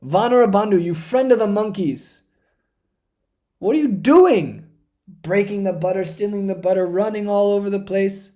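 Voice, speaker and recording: A man voicing an exasperated mother scolding her mischievous little son in a loud, shrill, chastising tone during a devotional talk. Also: expressive, normal speed.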